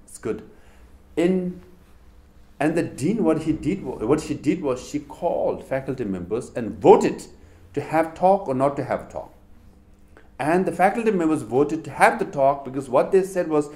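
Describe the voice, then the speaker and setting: A public speaker, a middle-aged man with a Tibetan accent, tells animated stories and asks rhetorical questions during a university talk. His voice is fairly high and his speed normal.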